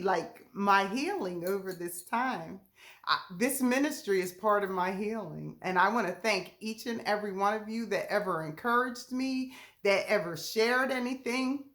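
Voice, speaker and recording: Leading a ministry message, this woman speaks in a heartfelt, emotional way, her medium-pitched voice fairly bright in tone. Her casual, Southern-tinged speech carries laughter through near-tears.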